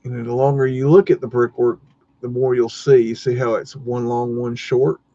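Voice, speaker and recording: A man's voice: mid-range voice, level tone, moderate pace, warm tone, muffled recording. A man hosting a live stream, chatting casually and rambling as he looks at buildings, muttering and swearing now and then. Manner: rambling, muttering, mildly cursing. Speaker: livestream host.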